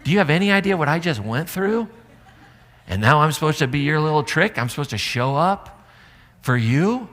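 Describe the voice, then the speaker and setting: A wounded disciple throws sarcastic accusations at an absent friend, as a preacher puts him on. The voice sits fairly high and swings widely in pitch. It echoes through a big reverberant church hall. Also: male voice, lively intonation, normal speed, a bit bright. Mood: bitter, accusing. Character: resentful wounded male disciple, bitter.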